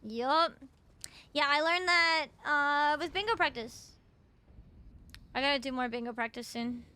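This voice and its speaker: A woman's voice: sits high, measured pace, bright, forceful tone. A young Canadian woman chatting casually with viewers while gaming, full of fillers and swearing. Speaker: streamer. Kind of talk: casual live-stream chat while gaming.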